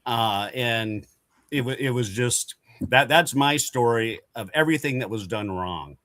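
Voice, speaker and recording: A man's voice: medium pitch, measured pace, fairly bright tone, no echo. Chatty man telling a story, dry mic. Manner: chatty, laughs while telling, acts out the people in his story. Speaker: panel guest telling a story. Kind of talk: casual storytelling.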